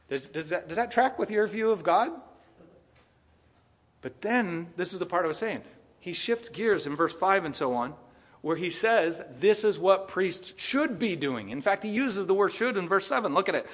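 A man preaching a sermon in a church, rising loud for rebukes and dropping quiet to mock excuses. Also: sits high, expressive, normal speed, in a large hall. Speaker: pastor. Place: church sanctuary.

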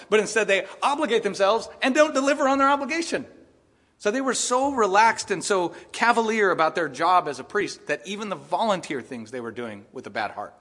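A man preaching a sermon in a church, rising loud for rebukes and dropping quiet to mock excuses. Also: sits high, long reverb tail. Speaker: pastor. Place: church sanctuary.

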